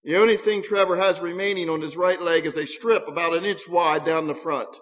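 Man doing a measured, matter-of-fact doctor, higher voice, long reverb. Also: steady tone, a bit bright, lightly acted. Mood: grave. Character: calm male hospital doctor giving grave news.

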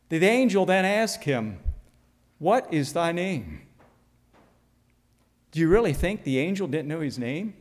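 Guy preaching slow and careful, kinda high voice, big echoey church. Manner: slow, deliberate preaching with dramatic drops in volume. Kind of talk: sermon. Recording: long reverb of a large hall.

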